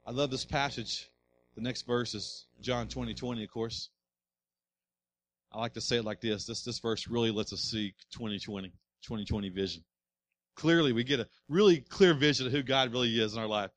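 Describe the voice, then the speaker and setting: A male pastor delivering a sermon, emphatic, swinging between loud urging and quiet, slow passages. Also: mid-range voice.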